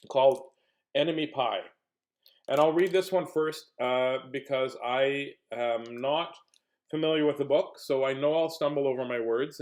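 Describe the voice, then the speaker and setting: A man's voice: fairly high pitch, a little mellow. Playful man reading to kids. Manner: playful, chatty, greets young viewers by name; jokey, clowning between reading. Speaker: children's book reader and host. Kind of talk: casual read-aloud livestream for kids.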